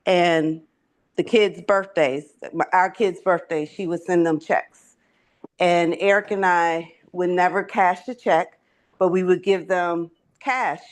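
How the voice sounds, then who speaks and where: A woman on a group video call, earnestly telling a story with a gentle lesson. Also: fairly low pitch. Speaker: co-host and sales coach.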